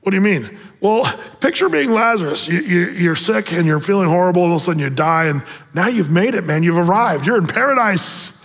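A man preaches in a fairly high voice, telling the story with playful, animated asides. His words carry a long reverb, as in a large church hall. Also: a little fast. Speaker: pastor. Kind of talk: sermon.

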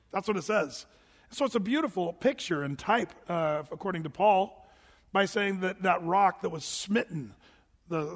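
A man preaching a sermon as a pastor, conversational and animated, with casual asides. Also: high-pitched. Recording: long hall reverb.

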